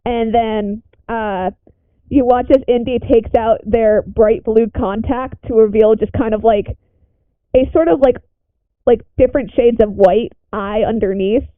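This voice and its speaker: A woman's voice: fairly high pitch, measured pace, dry recording. A woman player narrating casually in a tabletop game, with hesitant, filler-heavy speech. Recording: tinny phone-like call audio.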